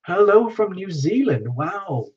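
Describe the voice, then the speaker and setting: A man's voice: sits high, measured pace, slightly rough. Chatty man hosting a live tarot stream. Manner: chatty, greets viewers by name, excitable whoops. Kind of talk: casual live-stream chat with viewers. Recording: dull lo-fi stream audio.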